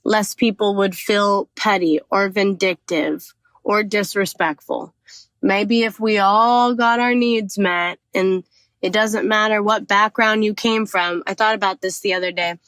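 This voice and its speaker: A woman talking casually and earnestly, reflecting as she thinks out loud. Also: medium pitch, steady tone, measured pace, dry recording.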